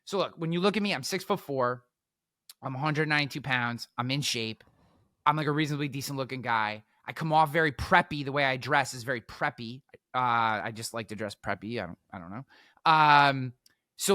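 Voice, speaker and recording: A man telling stories as a podcast guest, energetic, repeating words and acting out quotes. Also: medium pitch, brisk, no room sound, clean studio sound. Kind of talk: animated storytelling.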